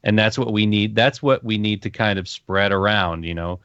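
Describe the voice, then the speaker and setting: A man's voice: fairly low pitch, moderate pace, fairly bright tone, smooth, no room sound. A man co-hosting a gaming podcast in casual chat, earnest and rambling, often repeating his phrases. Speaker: podcast co-host. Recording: dull lo-fi mic.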